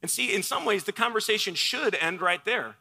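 A man's voice: high voice, expressive, brisk, gravelly, bright, forceful tone, slightly rough, big-room sound. A man preaching a sermon, earnest and explanatory, who asks his listeners questions as he works through a passage. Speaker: pastor.

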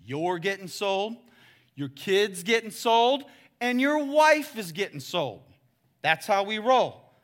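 Preacher doing a chill king, bright and punchy, super casual. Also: sits high, sing-song, slow pace, voice pushed up, full character voice. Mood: stern. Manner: casual, offhand. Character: blunt, powerful ancient king settling debts.

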